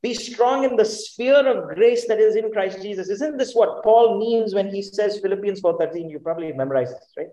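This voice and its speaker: A man's voice: high voice, normal speed, hardly any pauses, mellow, echoey room, lo-fi sound. A man preaching a sermon in an earnest, emphatic way, often putting questions to the congregation.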